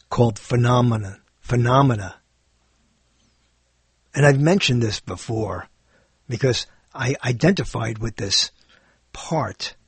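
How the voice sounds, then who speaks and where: A man's voice: mid-range voice, slightly rough, no echo. A man hosting his own show, rambling playfully and amusing himself as he talks. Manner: playful, meandering, self-amused with frequent laughs. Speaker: podcast host. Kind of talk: rambling solo monologue.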